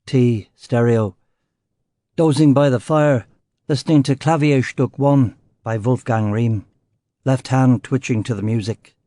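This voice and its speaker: A man's voice: mid-range voice, a little slow, mellow, dry recording. A man narrating a first-person crime novel in a terse, dry, wry way. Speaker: audiobook narrator.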